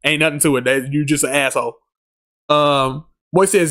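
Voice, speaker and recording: A man's voice: fairly high pitch, steady tone, normal speed, a bit bright. A man streaming a game live, reading chat aloud in a laid-back, slangy way and laughing often.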